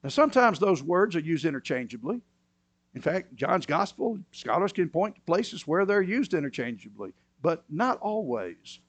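A man preaching a sermon, moving between quiet, low asides and loud, emphatic bursts. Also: very animated, moderate pace, no echo. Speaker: pastor.

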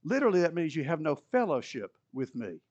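A man preaching a sermon as a pastor, his voice sitting a little high and moving in wide, lively swings. He explains scripture with energy and slips in humorous asides. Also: brisk, no echo, highs cut off.

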